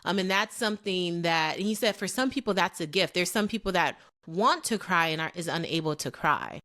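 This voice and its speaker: A woman's voice: lowish voice, lively intonation, fairly quick, pushed and bright. A young adult woman co-hosting a podcast, talking in an earnest, reflective casual chat. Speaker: podcast co-host.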